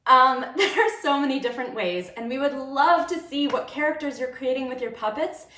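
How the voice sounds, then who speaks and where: A woman's voice: sits high, a little fast, reverberant. A woman teaching puppet making and puppet voices, talking in an upbeat, encouraging way for children and parents. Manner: upbeat and encouraging, demonstrating as she explains. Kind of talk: friendly instructional talk for kids and parents.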